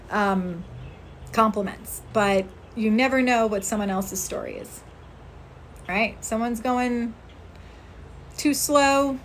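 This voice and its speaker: A woman speaking in a slightly high voice, earnest and motivational, on a casual livestream. She talks outdoors into a phone and thanks viewers by name as she goes. A faint outdoor hum sits behind her. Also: fairly bright tone. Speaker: spirit medium on a livestream.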